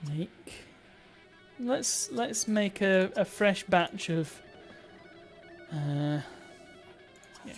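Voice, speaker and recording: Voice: mid-range voice, lively intonation, extremely slow, pauses often, faint music behind. A streamer giving chatty live gameplay commentary, thinking aloud and breaking into playful cheers.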